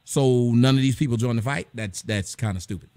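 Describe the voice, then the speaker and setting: A man's voice: mid-range voice, fairly quick, warm tone, no echo. A middle-aged man hosting a casual live stream, ranting bluntly and profanely about movies. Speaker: host.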